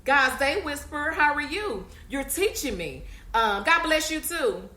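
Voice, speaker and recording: Woman giving bright, echoey faith talk. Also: sits high, animated, measured pace. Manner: conversational and preachy, addresses listeners directly. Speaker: podcast host. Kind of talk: casual faith talk to listeners.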